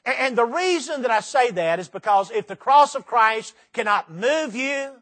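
A man preaching a sermon to a congregation, impassioned, repeating phrases for emphasis and swinging between loud and quiet. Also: very high voice, expressive, normal speed. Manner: impassioned preaching with dramatic shifts in loudness and pace.

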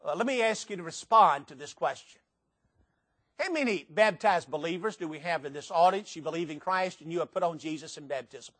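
Older male preacher, high-pitched, emphatic sermon delivery, live church audience. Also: animated, a little fast, fairly bright tone. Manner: emphatic, dramatic swings in pitch and volume.

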